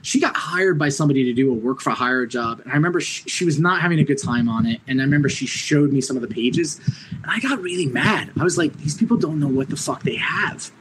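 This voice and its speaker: A man from Orange County, New York, a comic writer chatting casually, animated, laughing often and swearing freely. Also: on the high side, quick pace, a little hiss or hum, low-quality recording. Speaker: comic book writer guest. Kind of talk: casual podcast conversation.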